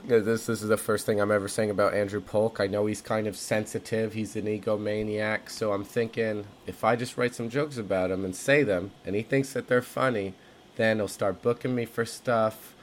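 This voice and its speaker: A man's voice: fairly low pitch, steady tone, moderate pace, a little hiss or hum. A man narrating his own comic story in a wry, rambling, self-deprecating way. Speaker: comedian telling his story.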